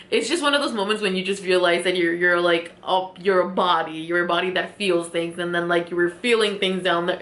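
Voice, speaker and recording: A woman's voice: lowish voice, fairly bright tone. A young woman vlogger telling a story casually while doing her makeup, laughing often and using many fillers. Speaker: beauty vlogger. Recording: echoey room.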